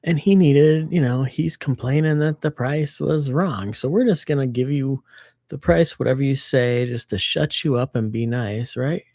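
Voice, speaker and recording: A woman rambles through a story on her livestream, cursing casually and rushing between tangents. Her voice sits warm and mellow. The sound is dry, with no room echo. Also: rumbling low. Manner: animated storytelling, swears freely, acts out quotes.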